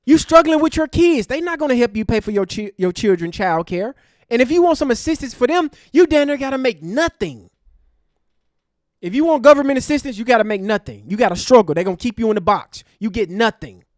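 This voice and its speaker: Guy ranting hard on his stream, real high voice, dry close mic. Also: expressive, a little fast, dry recording. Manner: fiery, preachy, repetitive. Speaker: online show host. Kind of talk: impassioned livestream rant.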